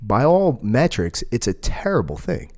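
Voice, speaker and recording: A man's voice: mid-range voice, a little slow. A man co-hosting a casual podcast, telling rambling stories with plenty of swearing and restarts. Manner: rambling, profane, animated storytelling. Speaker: podcast co-host, jiu-jitsu school owner.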